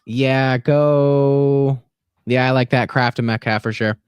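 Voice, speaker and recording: A young man co-hosts a fantasy football livestream in casual banter, joking, mocking and teasing as he rattles off rapid-fire start and sit picks. His medium-pitched voice has fairly even intonation and a clean tone, with no room sound.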